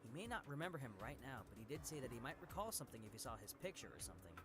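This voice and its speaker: A man voicing a laid-back, teasing young male detective who talks casually and briskly. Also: mid-range voice, big pitch swings, close to an everyday voice.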